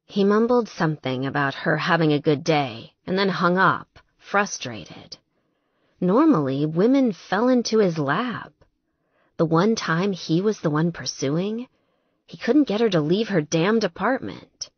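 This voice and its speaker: A woman reads a romance novel as a slow, expressive narrator. Her lowish voice moves a lot in pitch, telling the story with care. The recording is dry and a bit dull. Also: husky, dry recording. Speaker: audiobook narrator.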